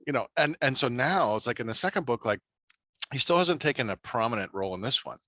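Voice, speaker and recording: A middle-aged man, a podcast host and writer, talking in a casual, animated way with many restarts and fillers. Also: mid-range voice, a little fast, no room sound. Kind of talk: casual chat.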